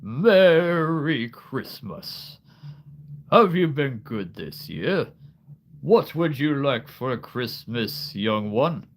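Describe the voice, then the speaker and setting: A man voicing a jolly Santa Claus talking kindly to a child, in a booming, drawn-out voice. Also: sing-song, heavily acted.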